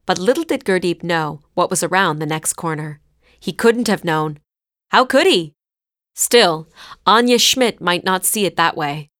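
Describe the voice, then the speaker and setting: A woman narrating a scripted story in a clear, measured way. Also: lowish voice, fairly bright tone, no room sound, clean studio sound.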